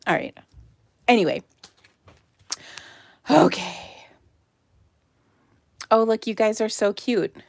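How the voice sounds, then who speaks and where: A middle-aged woman hosts a live craft class from her home craft room, talking into a phone camera. Her voice is gravelly and her speech is rambling and chatty, full of fillers. The sound is dry, with no room echo. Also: fairly high pitch, animated, slow pace, pauses often, darkish tone. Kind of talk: casual live-stream chat.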